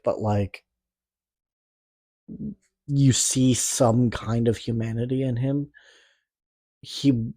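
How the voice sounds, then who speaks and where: A man's mid-range, dark-toned voice comes through with no room sound as he reviews a horror movie. Canadian and with a speech impediment, he recaps it in a casual, rambling manner, peppered with sarcastic, profane asides.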